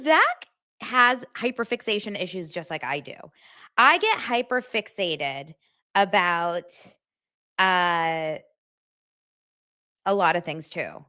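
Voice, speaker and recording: A gossipy woman hosts a casual pop-culture vlog in a lowish voice that moves around a lot. She talks animatedly and often says things twice. The sound is close and dry, with no room echo. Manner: gossipy, animated, repeats herself. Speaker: pop culture vlogger host. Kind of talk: casual chatty vlog monologue.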